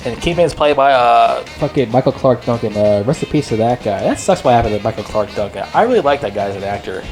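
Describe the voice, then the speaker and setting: Rambling, excitable man swearing freely. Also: mid-range voice, fast talker, soft background music. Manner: rambling, profane, excitable, heavy use of filler words. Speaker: movie reviewer. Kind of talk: casual unscripted movie review.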